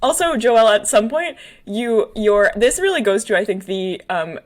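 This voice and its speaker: A woman's voice: medium pitch, expressive, moderate pace. A woman co-hosting a podcast in casual chat, talkative and often laughing as she retells scenes. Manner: chatty, laughs often, quotes others. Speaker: podcast co-host.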